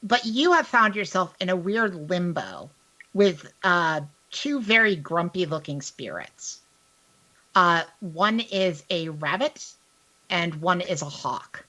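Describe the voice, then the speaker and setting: A woman's voice: lowish voice, animated, slow, bright, forceful tone. A woman narrating a tabletop role-playing game as game master, in an easygoing, casual way.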